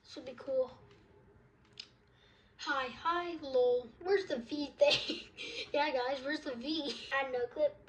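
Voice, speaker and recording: Giggly high-voiced young gamer girl. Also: steady tone, slow. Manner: giggly, scattered, reacting out loud to the game. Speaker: gaming video creator. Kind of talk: casual gaming commentary.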